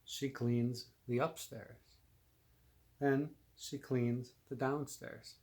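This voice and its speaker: A man reads a children's picture book aloud at an unhurried, steady pace. He stops every so often to ask his young listener questions. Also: medium pitch. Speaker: reader to a child.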